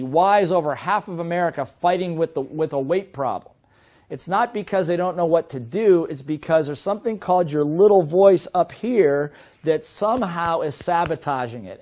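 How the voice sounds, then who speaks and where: A middle-aged man teaching a seminar as a business trainer, in a lively way that keeps asking the audience questions. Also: a little high, moderate pace. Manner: lively, asks the audience many rhetorical questions.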